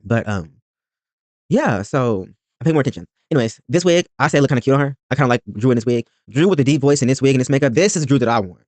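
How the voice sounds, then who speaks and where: A man's voice: medium pitch, animated, quick pace, darkish tone, no echo. A man hosting a reaction video, recapping a reality show in a rambling, blunt and profane way.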